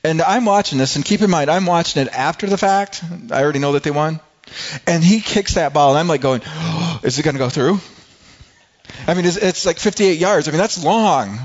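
In a slightly dull, lo-fi recording, a middle-aged pastor preaches a sermon, telling a story full of restarts and bursts of rising excitement. His voice sits a little high, and his pace is brisk.

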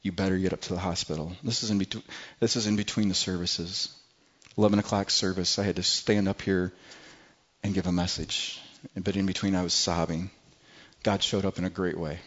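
A middle-aged man preaching a personal testimony in a church, his voice set somewhat low. He tells it earnestly, stumbling and restarting as he goes, and the recording sounds dull and lo-fi. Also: fairly even intonation, a bit bright. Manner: earnest, halting storytelling with many restarts. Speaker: pastor.

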